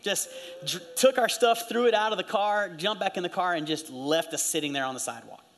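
A middle-aged pastor preaches briskly in a high-pitched voice. He tells stories with animated swings, acting out the voices of the people he's quoting.

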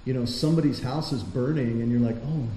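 A man's voice: mid-range voice, fast talker, mellow. A man preaching a sermon in a conversational way, asking his listeners rhetorical questions in a church hall. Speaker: pastor. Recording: roomy hall echo, faint noise.

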